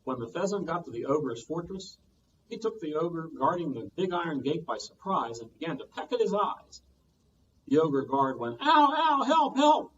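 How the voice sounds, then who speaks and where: The recording picks up a children's librarian from a distance, muffled, as he reads a tale with lively sound effects for storytime. His pitch is fairly high, his pace moderate, and a little hiss or hum runs underneath.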